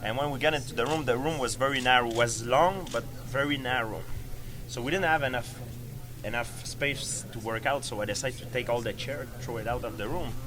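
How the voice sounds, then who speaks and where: A man with a French Canadian accent, a fighter telling a story at a press interview, halting with lots of fillers and restarts. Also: mid-range voice. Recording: noisy crowded event. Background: crowd chatter.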